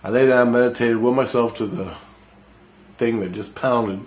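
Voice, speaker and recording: A man's voice: medium pitch, steady tone, normal speed, reverberant. A man telling a personal story in a casual spoken monologue, intense, profane and repeating himself. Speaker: storyteller recounting an experience.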